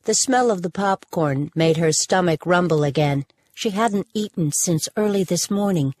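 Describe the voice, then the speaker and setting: A woman with a fairly low voice reads an audiobook in a measured, steady way. The sound is close to the mic and completely dry, with no room around it. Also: no room sound. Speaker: audiobook narrator. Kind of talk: scripted audiobook narration.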